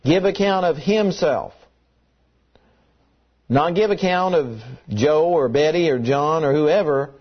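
A man's voice: a little high, muffled recording. A man preaching a sermon in an emphatic way, reading scripture and repeating key words for stress. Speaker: pastor.

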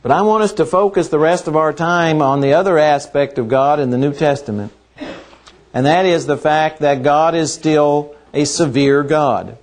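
A man's voice: a little high, moderate pace. A man preaching a sermon, asking rhetorical questions and stretching out key words for emphasis.

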